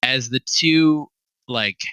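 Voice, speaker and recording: A man's voice: medium pitch, takes it slowly, sharp tone, clean tone, dry recording, muffled recording. A man narrating a tabletop game as game master, rambling with lots of fillers and laughing often.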